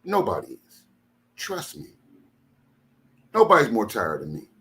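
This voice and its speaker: A man's voice: lowish voice, wildly swooping pitch, measured pace, a bit bright. An older man, a ministry leader, venting angrily and repetitively from his studio, tired after a sleepless night. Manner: aggrieved, repetitive, emphatic. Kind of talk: angry venting monologue. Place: home studio.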